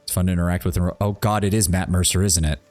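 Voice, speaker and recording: With a low, steady, slightly mellow voice, a man talks fast while streaming a role-playing game over soft background music. He chats casually, rambles, laughs, and reads the on-screen text aloud.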